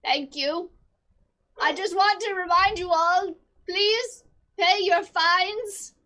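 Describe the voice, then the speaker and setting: A woman improvising a fussy older female law librarian who talks in a stiff, halting way on a comedy stage. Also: very high voice, sharp tone, heavily acted, low-quality recording. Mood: prim. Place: theater stage.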